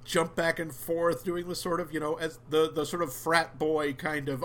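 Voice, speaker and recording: A man's voice: a little high, steady tone, normal speed, hardly any pauses, fairly bright tone. A man in casual conversation, rambling a little and often restarting his sentences, with a wry tone. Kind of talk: casual chat.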